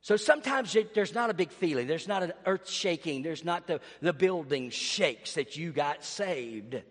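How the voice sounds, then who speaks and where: A man delivers a storytelling sermon in a fairly high voice. He moves between quiet, confiding lines and sudden loud bursts. Long reverb hangs behind every phrase, as in a large hall. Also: expressive, normal speed. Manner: storytelling preacher, swings from hushed to loud. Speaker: pastor.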